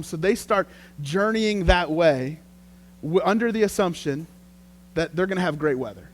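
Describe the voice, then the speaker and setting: A man preaching a sermon as pastor, telling the story in a lively, conversational way. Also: sits high, moderate pace.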